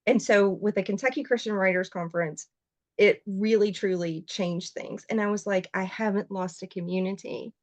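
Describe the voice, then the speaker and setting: A woman, a writer and journalist, telling her story as a guest on a podcast interview, heartfelt and expressive, her voice leaping up when she gets emotional. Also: normal speed, no room sound. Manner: voice jumps high when emotional.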